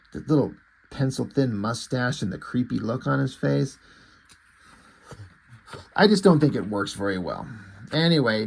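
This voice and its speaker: A man casually reviewing a comic book page by page, rambling, opinionated and quick to swear. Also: mid-range voice. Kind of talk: casual chat.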